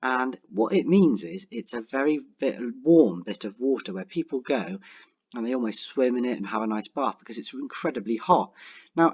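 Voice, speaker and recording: A young man teaching a writing lesson online, talking clearly and encouragingly and slowing down to dictate example sentences. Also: mid-range voice, dull audio. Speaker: primary school teacher.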